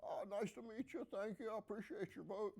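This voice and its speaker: A high, hammy politician voice, working the room with a drawn-out, folksy greeting, done by a man as an impression. It sits well above a normal speaking voice. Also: darkish tone. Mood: glad-handing.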